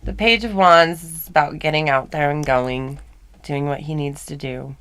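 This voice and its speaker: A woman's voice: deep voice, fairly even intonation, moderate pace, a bit bright, clear, resonant tone, dry recording. A woman doing a live comedy tarot reading in character as a demon, teasing and playful as she improvises. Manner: playful, teasing, giggly, slides into mock-villain boasts.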